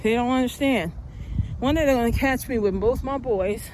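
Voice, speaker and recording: A woman's voice: a little high, normal speed, long pauses, very noisy. A woman chatting and telling a story while out walking, a little out of breath, growing heated as she talks. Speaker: vlogger. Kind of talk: casual walking vlog. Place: outdoors, walking.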